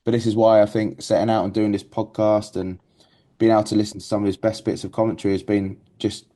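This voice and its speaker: A man's voice: lowish voice, flat delivery, fast talker, mellow. A man co-hosting a podcast in casual chat, rambling with many restarts. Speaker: podcast co-host.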